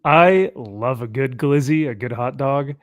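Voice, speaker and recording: A man's voice: medium pitch, a little slow, no echo, studio quality. A young man from California hosting a casual livestream chat, joking, laughing often and reading viewer comments aloud. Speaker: livestream host.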